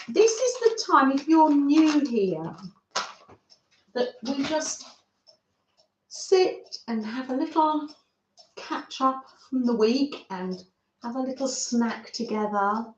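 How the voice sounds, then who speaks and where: A slow, lively-pitched woman hosting a craft livestream, gushing over everything and reading viewers' messages aloud. The room is echoey and the sound a little dull. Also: a little hiss or hum. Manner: gushing, warm-hearted, reads chat aloud. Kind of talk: chatty livestream talk to viewers. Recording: roomy, slightly dull sound.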